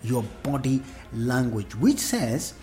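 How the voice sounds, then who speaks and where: A woman's voice: very deep voice, very animated, takes it slowly, dark tone. A woman giving a motivational talk on family, preachy and full of questions to the listener, with faint music behind. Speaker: speaker on family relations.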